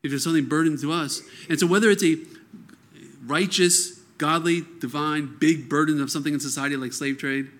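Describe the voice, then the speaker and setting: A man preaching a sermon, earnest and conversational, reading scripture and breaking into animated quoted outbursts. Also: a little high, brisk. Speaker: pastor.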